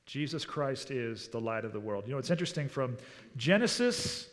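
A man's voice: medium pitch, sing-song, moderate pace. A male pastor preaches a sermon in a church sanctuary. His delivery rises and falls, and he often asks the congregation questions before he answers them. His voice carries a long hall reverb.

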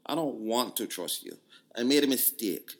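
A man's voice: mid-range voice, expressive, moderate pace, natural voice. A man putting on a curt Jamaican woman. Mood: scolding. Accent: put-on Jamaican. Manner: curt, scolding. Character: blunt, distrustful woman texting back.

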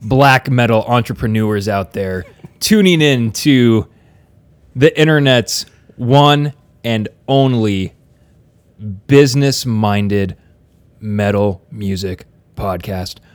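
A man hosting a casual podcast, joking and rambling through loose banter with quick asides. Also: fairly low pitch. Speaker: podcast host.

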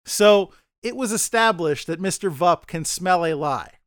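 A man's voice: sits high, lively intonation, unhurried, dry recording, studio quality. A man co-hosting a casual podcast discussion, rambling and often stammering as he restarts his sentences. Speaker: podcast co-host.

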